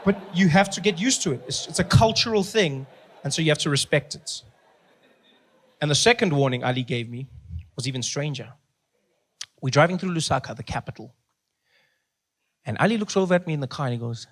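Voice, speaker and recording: A man's voice: fairly high pitch, lively intonation, fairly quick, long pauses, fairly bright tone. A South African man performing stand-up comedy, telling playful stories and often laughing mid-line.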